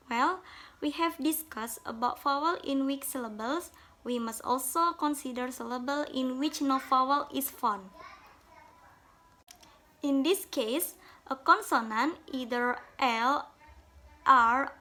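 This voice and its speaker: In a high-pitched, sharp voice, a woman presents on syllables by reading carefully from notes. Her pace is slow, and her English, which isn't her native language, has non-native grammar.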